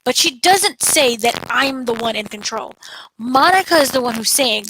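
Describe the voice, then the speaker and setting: A woman with a bright, forceful, rather high voice talks through an episode recap in loose, casual chat. She retells scenes with lively energy and slips into playful little voices. A faint hiss sits under the recording. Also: normal speed, low-quality recording. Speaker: entertainment editor, co-host.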